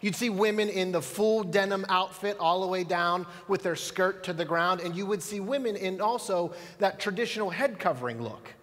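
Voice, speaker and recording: A man's voice: high voice, moderate pace, few pauses, a bit bright. A middle-aged man preaching a sermon as pastor, telling stories in a conversational way and asking the audience questions. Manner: storytelling, conversational, asks the audience. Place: church auditorium. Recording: hall reverb.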